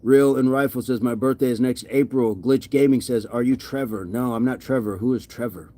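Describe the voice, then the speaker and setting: A man streams his workout live, sweaty and short of breath, casually reading out viewers' comments and repeating himself a lot. He speaks briskly in a mellow, mid-range voice, with no room sound.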